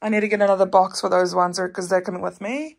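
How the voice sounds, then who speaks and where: A woman's voice: medium pitch, little pitch movement, quick pace, creaky. A young woman, chatting earnestly in a casual home vlog, full of fillers and restarts. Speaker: vlogger.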